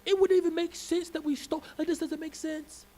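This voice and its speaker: A pastor voicing a group of desperate young brothers who insist they did not steal, in a high, pleading, incredulous tone. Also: male voice, little pitch movement, brisk, darkish tone. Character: desperate young men protesting innocence.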